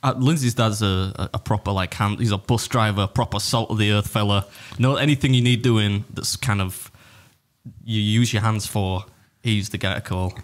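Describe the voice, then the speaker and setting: A man's voice: on the low side, normal speed. An English man, a podcast co-host and video creator, chatting casually and rambling through stories with frequent restarts. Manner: rambling, self-interrupting storyteller.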